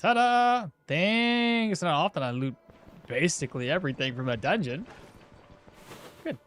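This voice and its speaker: Lively, chuckly gamer man thinking aloud. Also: fairly high pitch, moderate pace, a little hiss or hum. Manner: thinks aloud, chuckles often, answers chat. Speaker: streamer playing a game. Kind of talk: casual gameplay commentary.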